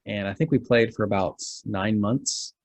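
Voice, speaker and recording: A man's voice: fairly low pitch, normal speed. A man hosting an interview, casually prompting his guest with questions. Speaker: podcast host.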